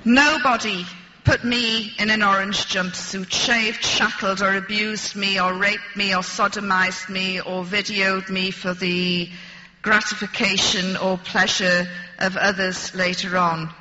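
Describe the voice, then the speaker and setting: A woman's voice: medium pitch, steady tone, slow pace, bright, forceful tone, long reverb tail, highs cut off, a little hiss or hum. A woman telling a story to an audience with dry, wry humor. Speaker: speaker addressing an audience. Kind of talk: storytelling talk.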